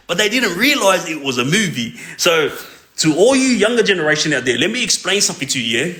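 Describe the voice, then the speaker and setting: A man's voice: sits high, very animated, fast, pushed and bright, roomy sound. A man telling a crime story casually, rambling and checking in with a constant "yeah?". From Australia.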